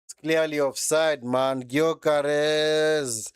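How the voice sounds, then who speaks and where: Fairly high and smooth, this man's voice comes through in studio quality with no echo. Unhurried, he chats his way through a football watchalong, reacting live and dropping tag words such as "man" and "eh."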